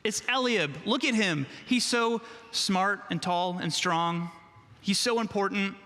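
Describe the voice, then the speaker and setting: An eager old farmer father, proud of his sons and quick to brush off a no, voiced by a man telling the story. He speaks in a high, bright voice. The sound rings through a big hall with a long echo. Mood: boastful.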